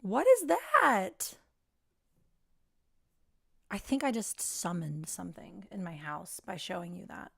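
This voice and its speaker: A woman's voice: fairly low pitch, moderate pace, vocal fry, few pauses, breathy edge, no echo, clean studio sound. A woman hosting a casual livestream, chatting in a rambling way and often trailing off mid-thought. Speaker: livestream host.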